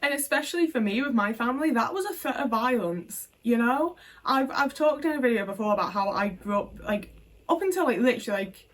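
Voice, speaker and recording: A woman's voice: on the high side, lively intonation, brisk, recorded from a distance. A young woman vlogger telling personal stories frankly to camera, in a casual, conversational way with fillers and the odd swear word. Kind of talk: candid personal storytelling to camera.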